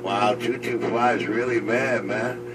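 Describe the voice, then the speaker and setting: A man's voice: lowish voice, fairly even intonation, takes it slowly, loud music behind the voice. A man trading mocking taunts over a CB radio. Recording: distant radio voice in loud static.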